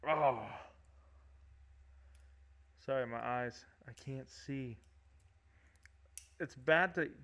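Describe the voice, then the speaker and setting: Casual and loose, this man with a Michigan accent talks at an ordinary middle pitch. He rambles through his points with fillers and laughs a lot as he co-hosts a podcast. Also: extremely slow, long pauses, fairly bright tone. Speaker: podcast host. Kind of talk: casual chat.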